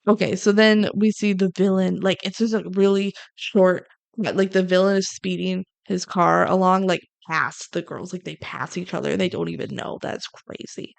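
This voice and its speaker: Young female podcast co-host, fry-heavy voice, casual movie recapper who quotes the characters. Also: fairly low pitch, steady tone. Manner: retells scenes with quick acted-out quotes.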